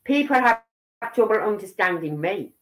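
Here a middle-aged livestream host from Birmingham speaks with a Brummie accent, her medium-pitched voice expressive and moderately paced. Her casual commentary is chatty and meandering, peppered with "right?" and "you know what I mean", over a rough recording.

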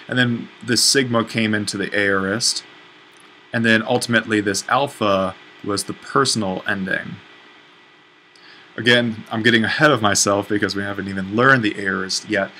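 A man's voice: lowish voice, steady tone, moderate pace, sharp tone, a little hiss or hum, low-quality recording. A man teaching a language lesson at a whiteboard, explaining patiently and correcting himself as he writes. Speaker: Greek instructor.

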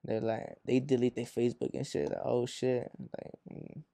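A man's voice: medium pitch, level tone, moderate pace, creaky, mellow, no room sound, studio quality. A young man from Arizona, a rapper being interviewed, telling a story in a rambling, profane way and acting out what people said. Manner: rambling, profane, acts out quotes. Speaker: rapper guest.

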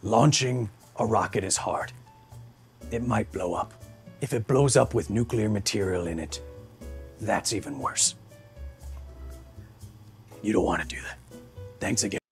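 A man in his thirties, hoarse, hosting a scripted science explainer in a theatrical, wry manner that speaks straight to the viewer. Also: fairly low pitch, a little slow, long pauses, soft background music. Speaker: science video host.

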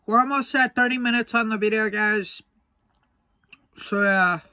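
A young man talks to his viewers in a casual vlog, his voice high and bright. He speaks slowly, letting out breathy sighs while his mouth burns from spicy food. The sound is dry and close. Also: steady tone, no echo. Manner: slow, breathy sighs between short remarks, repeats "guys". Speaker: food vlogger. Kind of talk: casual vlog talk to camera.

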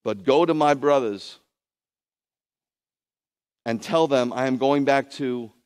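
A man preaching a sermon and voicing a calm male teacher who gives measured, gentle instructions. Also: mid-range voice, clear, resonant tone, long reverb tail, pitched above the performer's own voice, natural voice.

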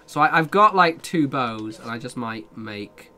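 A man's voice: medium pitch, expressive, measured pace, pushed and bright. A young man casually commenting on a survival game as he plays, swearing and talking back to his chat. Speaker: streamer.

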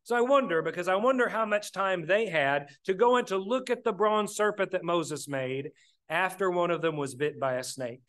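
A man's voice: sits high, moderate pace, a bit bright. A man preaching a sermon, plainspoken, often calling his listeners "brethren". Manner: plainspoken, addresses the congregation as brethren.

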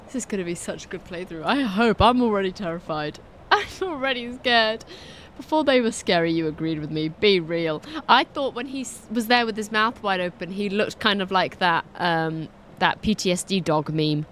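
A woman's voice: mid-range voice, lively intonation, normal speed, fairly bright tone, slight background noise. A young woman commentating a game she is playing for the first time, reacting to what she sees with frequent laughs and nervous exclamations. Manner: reactive, giggly, easily spooked. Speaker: game streamer. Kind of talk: let's play commentary.

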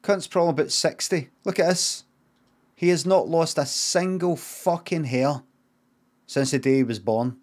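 A middle-aged Scottish man improvising a comic story, rambling and deadpan, swearing freely and drifting off on tangents. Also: on the high side, moderate pace. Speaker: streamer.

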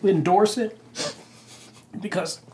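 A man co-hosting a casual taste-test video, joking in a dry, deadpan way. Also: high-pitched, slow. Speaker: co-host. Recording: noisy background hiss.

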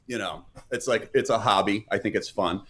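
A man's voice: on the low side, normal speed, fairly bright tone, breathy edge. A man hosting a live stream in casual chat, reading out chat comments and rambling with many fillers and restarts.

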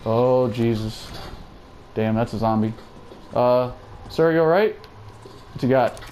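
Slow and darkish, this young man's mid-range voice comes with slight background noise. He's commentating a horror game let's play, jumping and exclaiming at each scare while chatting with his viewers.

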